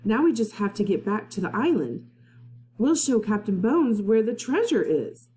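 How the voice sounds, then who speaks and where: A woman's voice: mid-range voice, big pitch swings, moderate pace, a little mellow, voice pushed up, close to an everyday voice, low-quality recording. Woman reading as a careful young boy, her ordinary reading voice, storybook. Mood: earnest. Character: cautious young boy adventurer.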